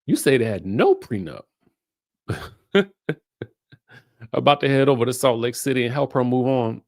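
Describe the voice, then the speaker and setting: Animated, sassy male pop culture host. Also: mid-range voice, normal speed, gravelly, pauses often, no room sound, studio quality. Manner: animated, playful, sassy asides to viewers. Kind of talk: casual pop culture commentary.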